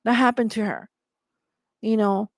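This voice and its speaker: A woman's voice: a little high, fairly even intonation, unhurried, gravelly, no echo. Impassioned woman host, dry close sound. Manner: emphatic, repetitive, rhetorical questions, heated. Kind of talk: impassioned commentary monologue.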